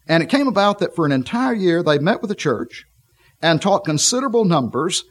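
A middle-aged man preaching a sermon, leading his listeners through scripture passages and pausing often with fillers as he reads. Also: on the high side. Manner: halting, frequent fillers and restarts while reading scripture.

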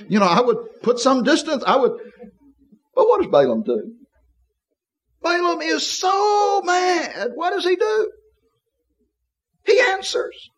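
A man preaching a sermon, retelling a scripture story in an animated way, his voice climbing high when he gets excited. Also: breathy edge, dull audio.

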